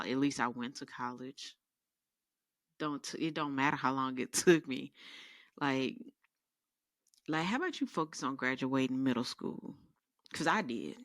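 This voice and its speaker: A woman's voice: rumbling low, no room sound, clean studio sound. A woman podcast host telling sassy, rambling comedic stories in a casual monologue. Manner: animated, rambling, sassy storytelling.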